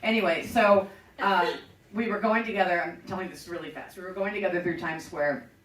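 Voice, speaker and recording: A woman's voice: lowish voice, fairly even intonation, a little fast, fairly bright tone, roomy sound, recorded from a distance, low-quality recording. A middle-aged woman hosting a show, telling a personal story in a chatty, profane, self-mocking way. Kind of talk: casual storytelling.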